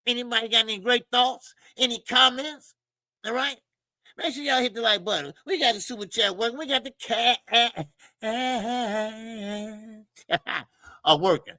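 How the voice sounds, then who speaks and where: A high, gravelly man rants on a boxing livestream, heated and profane. His tense, cutting voice repeats itself for emphasis, and the close mic sounds dry. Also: unhurried, pushed and bright, no echo, low-quality recording. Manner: heated, profane, repetitive ranting. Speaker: boxing show host. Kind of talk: ranting livestream commentary.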